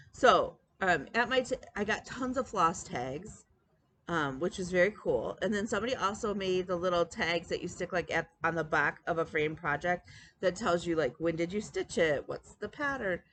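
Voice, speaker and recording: A woman's voice: fairly low pitch, slight background noise. Chatty woman telling a story. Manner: chatty storytelling, lots of fillers and quoted dialogue. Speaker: flosstube host. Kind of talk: casual chat.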